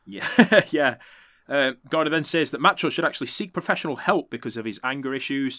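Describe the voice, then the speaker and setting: Male podcast host, bright tense voice, chatty, profane recapper. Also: mid-range voice, no room sound, studio quality. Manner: chatty, swears freely, quick to laugh. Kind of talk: casual recap commentary.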